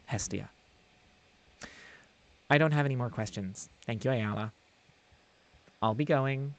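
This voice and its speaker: A streamer voicing a young female adventurer in a flat, matter-of-fact, slightly impatient way. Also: mid-range voice, unhurried, lightly acted. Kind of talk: live-streamed game voice acting.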